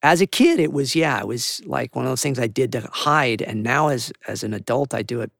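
A man, a voice actor, talking in an animated, rambling, enthusiastic way as a podcast interview guest. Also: mid-range voice, a little fast, creaky, no room sound, studio quality.

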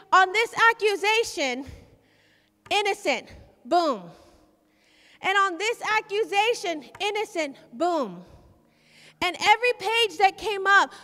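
A woman's voice: extremely high pitch, pushed and bright. A woman preacher giving a fervent, repetitive sermon testimony at a church service. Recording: long hall reverb.

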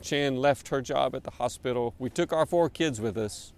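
A man's voice: medium pitch, moderate pace, hardly any pauses, darkish tone, clear, resonant tone. A man, a pastor, preaching a sermon in a conversational, informal way, with many fillers and repeated words.

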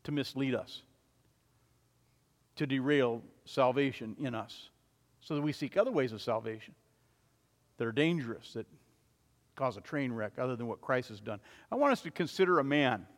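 A male preacher telling a sermon illustration, swelling loud and then dropping soft as he tells it. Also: mid-range voice, normal speed, long pauses. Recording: long reverb of a large hall.

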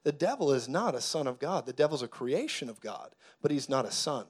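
A man preaching a sermon, telling a story dramatically and building to loud, fervent declarations. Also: mid-range voice, very animated, fairly quick. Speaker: pastor.

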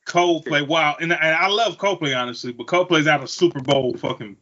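A man co-hosting a podcast in casual chat, profane and opinionated, with quick asides. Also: on the high side, pushed and bright. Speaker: podcast co-host. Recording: muffled lo-fi podcast audio.

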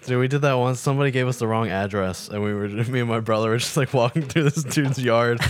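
A man who cleans windows for a living, trading blunt, profanity-heavy work stories. His voice sits at an ordinary pitch, and his delivery is matter-of-fact. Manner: blunt, profane, quick anecdotes. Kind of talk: casual podcast chat.

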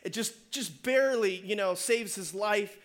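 A man preaching a sermon as pastor, conversational and energetic, calling out to the congregation. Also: sits high, a little slow. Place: church.

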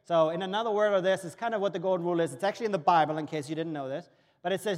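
High-voiced German man preaching in a hall. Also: rapid-fire. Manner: storytelling with acted-out dialogue, earnest. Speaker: pastor. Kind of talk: sermon. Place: church auditorium. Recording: long reverb of a church hall.

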